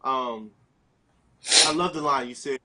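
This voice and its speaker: Bright-voiced man moderating a panel. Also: medium pitch. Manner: thoughtful, searching questions with many pauses. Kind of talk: moderating a faith panel discussion.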